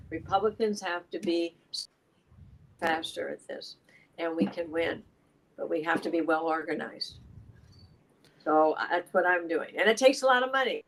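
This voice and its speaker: A woman's voice: lowish voice, a bit bright, a little hiss or hum, rough recording. A woman state assemblywoman giving an emphatic interview as a podcast guest, talking at length with asides. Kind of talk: casual political interview.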